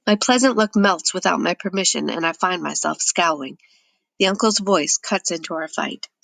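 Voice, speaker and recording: Woman narrating audiobook, low, gravelly, dead dry sound. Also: moderate pace, a bit bright, no room sound. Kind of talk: scripted first-person audiobook narration.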